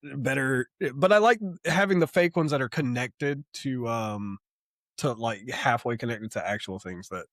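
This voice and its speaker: A man's voice: mid-range voice, a little slow, a bit bright, dry recording, studio quality. A man co-hosting a comic book podcast in casual chat, rambling, laughing often and swearing freely. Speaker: podcast co-host.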